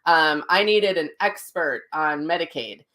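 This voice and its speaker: Chatty middle-aged woman, slightly low voice. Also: a little slow, fairly bright tone. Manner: chatty storytelling with many fillers and restarts. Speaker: psychic medium host. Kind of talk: casual livestream talk.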